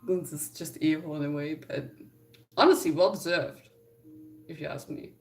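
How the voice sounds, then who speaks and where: A woman's voice: low-pitched, moderate pace, a little mellow, faint music behind. A young woman vlogging in a casual chat to camera, telling exasperated stories and laughing often.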